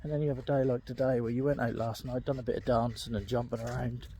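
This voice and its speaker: A middle-aged man in pain talks candidly while walking his dog along a country lane. His voice is mellow and his speech rambles, full of ums. An earbud mic picks him up, with faint outdoor ambience behind. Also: mid-range voice, flat delivery, fast, a little hiss or hum. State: in pain, limping. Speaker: vlogger. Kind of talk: casual walking vlog.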